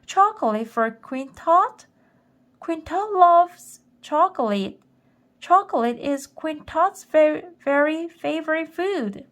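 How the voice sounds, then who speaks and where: Woman putting on a loud raspy ant queen. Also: mid-range voice, slow. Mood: delighted. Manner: imperious, shouting, childish demands. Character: bossy greedy giant female ant queen.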